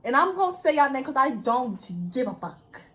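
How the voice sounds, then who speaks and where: High-voiced young woman telling stories bluntly. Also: moderate pace, background noise. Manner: blunt, profane, animated storyteller. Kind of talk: casual storytelling chat.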